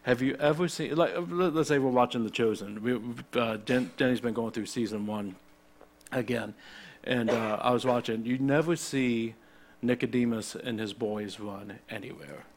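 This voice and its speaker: A man's voice: mid-range voice, normal speed, background noise. A middle-aged man preaching a sermon in a conversational way, with personal asides and frequent restarts. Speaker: pastor.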